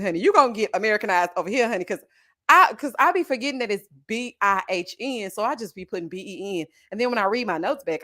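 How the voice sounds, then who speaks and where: A middle-aged woman runs her reality-show commentary with sass and theatrical flair. Her fairly high voice swoops up and down in lively, animated arcs. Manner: sassy, dramatic, laughing, calls viewers honey and child. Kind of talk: casual reaction commentary reading viewer comments.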